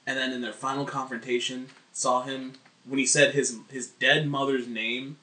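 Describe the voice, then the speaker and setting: A man's voice: mid-range voice, level tone, moderate pace, bright, forceful tone. A man chatting casually on a podcast, telling long stories and acting out other people's lines. His voice carries a lot of room echo. He sits a little way back from the microphone. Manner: rambling storyteller, acts out voices, laughs often. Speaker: podcast co-host. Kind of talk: casual chat. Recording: roomy sound, mic at a distance.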